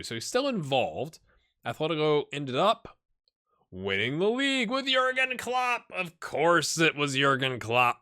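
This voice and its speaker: Animated man chatting over a game. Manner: thinks aloud, talks to his virtual players; animated, jumps high when excited. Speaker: gaming channel host. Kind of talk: casual game commentary.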